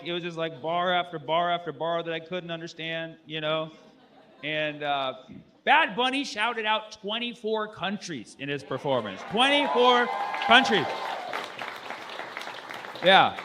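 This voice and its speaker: A man's voice: fairly high pitch, expressive, measured pace, pauses often, bright, forceful tone, some chatter behind. A male stand-up comedian on stage, rambling loosely, swearing and laughing at his own jokes.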